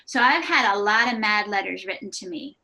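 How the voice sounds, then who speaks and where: A woman giving an online workshop to early childhood educators, chatting in a warm, conversational way with frequent restarts and light laughs over a video call microphone. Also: mid-range voice, lively intonation, brisk. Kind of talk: live online presentation.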